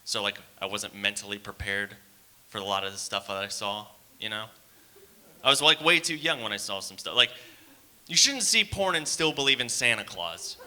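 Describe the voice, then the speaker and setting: A man's voice: fairly low pitch, big pitch swings, normal speed, sharp tone. A man doing a rambling, self-deprecating stand-up set on a theater stage, full of fillers. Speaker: stand-up comic.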